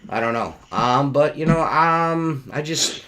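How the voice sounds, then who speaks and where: A man's voice: on the high side, measured pace, sharp tone. A man hosting a casual podcast chat over a video call, rambling and swearing with plenty of fillers. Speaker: podcast host.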